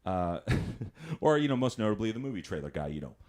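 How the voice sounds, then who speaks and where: Stand-up man with a lower voice, very animated delivery, chatty and laughing. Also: brisk. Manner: chatty storytelling, laughs at his own jokes, acts out voices. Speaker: stand-up comedian. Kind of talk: stand-up comedy.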